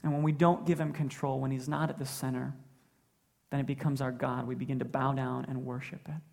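A pastor delivers a sermon with a deeply gravelly, fry-laden voice. He speaks earnestly and drives points home by repeating phrases. His pitch sits in an ordinary middle range. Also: little pitch movement, fairly quick, darkish tone. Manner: earnest, builds with repetition.

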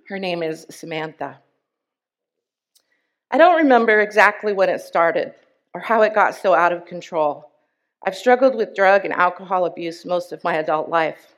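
At a church service, a woman with a lowish voice reads a member's testimony aloud. Her delivery is earnest and deliberate, marked by emphatic pauses.

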